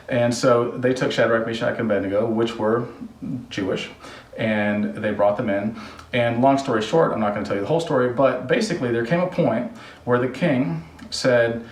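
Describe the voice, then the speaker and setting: A man's voice: medium pitch, normal speed. Rambling man in an echoey workspace. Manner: rambling, jokey asides. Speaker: home repair video host. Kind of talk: casual storytelling and DIY instruction. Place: work area during a water heater install. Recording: echoey room, mic at a distance.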